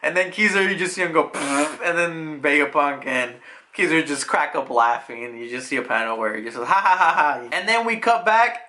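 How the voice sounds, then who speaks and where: Talking a little fast in a higher voice, a manga reviewer casually walks through a chapter. His retelling is animated, and he acts out each scene along the way.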